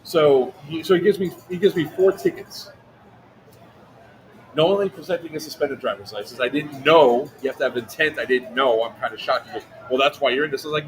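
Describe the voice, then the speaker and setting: A man telling a story in casual chat on a livestream, animated and profane, acting out other people's lines. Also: fairly high pitch, fast talker, slight background noise, poor audio. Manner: animated, profane, acts out quotes in a raised voice. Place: outdoor airsoft event.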